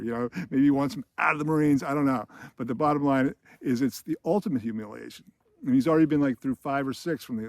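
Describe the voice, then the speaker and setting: A man's voice: mid-range voice, a little mellow, no room sound. Rambling man retelling a film. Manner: rambling, chuckling, lots of fillers. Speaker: film commentary host.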